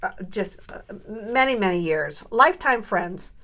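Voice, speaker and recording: A middle-aged papercraft vlogger gives a casual crafting tutorial, chatty and pausing to think aloud as she works while often asking viewers friendly questions. Her mid-range voice is expressive and a bit bright.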